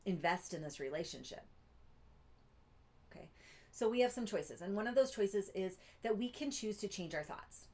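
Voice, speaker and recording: A woman giving an earnest teaching talk, pausing often to check in with her listeners. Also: on the low side. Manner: earnest, keeps checking in with "Okay?". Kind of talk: teaching monologue.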